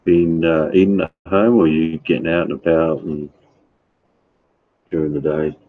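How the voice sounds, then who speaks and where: Very deep husky man, tinny. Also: fairly even intonation, measured pace. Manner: rambling, addresses chatters by name. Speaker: livestreamer. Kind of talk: casual chat with live viewers. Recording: tinny phone-like sound.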